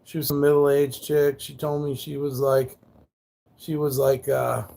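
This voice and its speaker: A man's voice: medium pitch, level tone, unhurried, vocal fry, mellow. A man telling rambling, profane stories on a casual livestream, laid back and loose. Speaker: live streamer.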